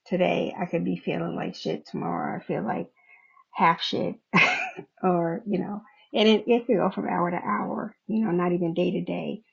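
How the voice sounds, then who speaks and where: A woman's voice: lowish voice, creaky, darkish tone, breathy edge. A middle-aged woman hosting a podcast, talking candidly about her own feelings, often laughing and swearing casually. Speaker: podcast host. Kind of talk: candid personal talk. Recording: dull lo-fi recording.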